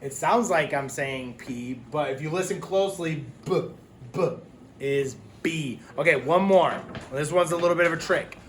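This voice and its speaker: A male teacher giving a phonics lesson to young children, sounding out letters slowly and clearly and offering encouragement. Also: fairly high pitch, roomy sound, slight background noise. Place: classroom.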